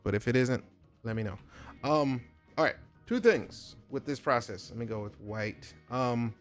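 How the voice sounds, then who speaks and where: This digital art streamer, a man with a son, draws while chatting and joking casually with his viewers and talking to chat directly. He speaks at a measured pace in an expressive mid-range voice, with faint music behind him.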